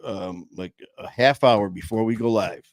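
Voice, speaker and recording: Rambling low-voiced man hosting a show. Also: unhurried, no echo. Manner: rambling, lots of fillers and restarts. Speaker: podcast host. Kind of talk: casual chat. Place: home studio. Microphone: headset.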